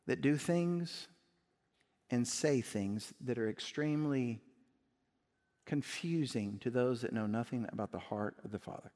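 A man's voice: medium pitch, darkish tone, big-room sound. A man preaching a sermon as pastor, emphatic and often rising to raised intensity.

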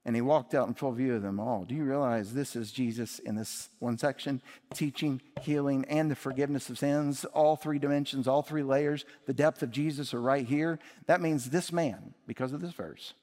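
A man's voice: medium pitch, moderate pace, darkish tone. A man preaching a sermon from the stage of a church, emphatic, swinging his voice up and down for effect. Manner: emphatic, rising and dropping for effect. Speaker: pastor. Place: church sanctuary. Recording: long reverb of a large hall.

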